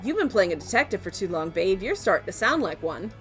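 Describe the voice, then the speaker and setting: A woman's voice: medium pitch, very animated, fairly quick, fairly bright tone, soft background music. A woman voicing a laid-back, flirty male actor in a game, breezy and teasing.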